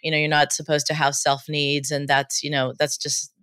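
A woman in her fifties tells her story on a podcast, her voice lowish yet bright. She is candid and animated, and the sound is close and dry. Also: a little fast, clear, resonant tone, no echo. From United States. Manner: candid, animated, laughs easily. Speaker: podcast guest, hypnotherapist. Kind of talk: casual storytelling interview.

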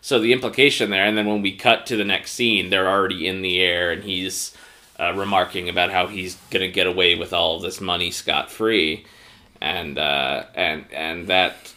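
Male co-host, deep and bright, loose conversational recap style. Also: steady tone, moderate pace. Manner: rambling, recaps plot with many fillers. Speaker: podcast co-host. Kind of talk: casual episode review.

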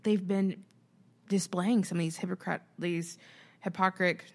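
A woman's voice: lowish voice, fairly even intonation, creaky. A woman with a Southern American accent co-hosting a casual Bible study talk. She searches for her words and speaks directly to listeners. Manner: slow, searching for words, warm-hearted asides to listeners. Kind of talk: casual faith discussion.

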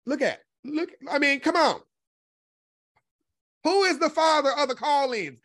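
A man hosting a casual livestream, talking back to his chat in a sassy, profane way and sliding from a low drawl up to high exclamations. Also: lively intonation, a little slow, a bit bright. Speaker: host.

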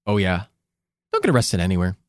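A male podcast co-host in loose, casual conversation, dropping swear words and laughing as he goes. His pitch swings widely, rising and falling with every point he makes. The recording is dry and close, with no room sound. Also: brisk, smooth, dry recording. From United States. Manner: swearing, animated, laughing often. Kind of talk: casual chat.

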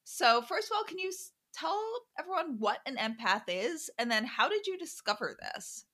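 A woman hosting an interview podcast. Her voice is high and bright, and it swoops lively up and down as she asks her guest questions. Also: normal speed. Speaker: podcast host.

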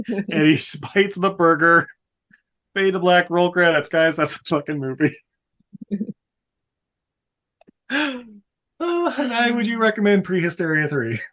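A man co-hosting a casual podcast, recapping a movie in an animated way, swearing and slipping into silly voices. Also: high voice, measured pace, long pauses. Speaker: podcast co-host.

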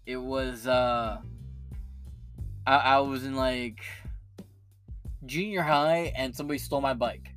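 A man hosting a casual political commentary show, ranting in a profane, animated way with many restarts. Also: mid-range voice, takes it slowly, long pauses, faint music behind.

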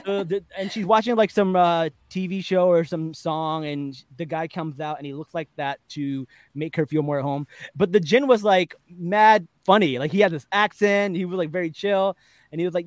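Male podcast host, upper-middle pitch, dry close sound, lively storyteller. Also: a little fast, no echo. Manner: animated storytelling, laughing often, acting out quotes. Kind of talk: casual chat, recapping a TV episode.

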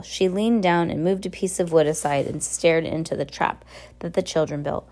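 Woman audiobook narrator, dark mellow tone, steady read. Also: fairly low pitch, normal speed. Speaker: audiobook reader.

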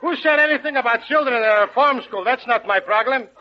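A man's voice: extremely high pitch, fast, crowd noise. A man hosting a 1940s radio comedy, talking in broken English and laughing at his own jokes. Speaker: comedy show host. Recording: dull lo-fi old radio recording with hiss.

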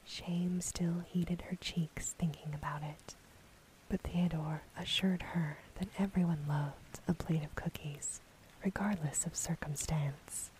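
A woman reading a fairy tale aloud in a soft, unvoiced whisper, as a bedtime story. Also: sits low, fairly even intonation, slow, slight background noise, poor audio.

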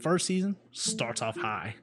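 A man's voice: medium pitch, sing-song, unhurried, music in the background. Rambling, jokey male podcast co-host. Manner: rambling, jokey, many fillers. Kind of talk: casual chat.

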